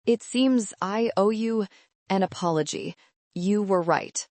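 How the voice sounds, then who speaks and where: A woman's voice: mid-range voice, slow, darkish tone, no room sound, lightly acted. A woman voicing a cold, clipped real estate mogul giving orders. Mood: stiff. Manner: clipped, commanding. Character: stiff, furious female real estate mogul.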